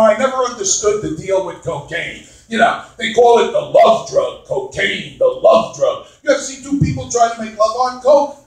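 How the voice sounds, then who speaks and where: A man over fifty doing a stand-up comedy set in a club, brash and crude, shouting his punchlines. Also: extremely high pitch, distant mic. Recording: echoey club recorded from afar.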